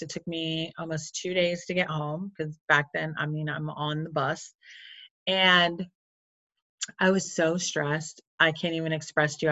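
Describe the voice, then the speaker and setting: A woman with a lowish voice tells a personal story in a loose, chatty way, scattering "like" and side remarks as she goes. The sound is dry and a little dull and lo-fi, with no room around her. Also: a bit bright, no echo. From Florida. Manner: candid and chatty, full of "like" and asides. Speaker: coach or counselor.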